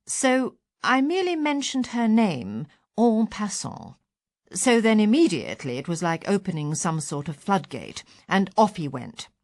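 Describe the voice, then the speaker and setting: A woman reading a first-person short story aloud with a wry, expressive delivery. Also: mid-range voice, measured pace, no echo, studio quality. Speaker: audiobook reader.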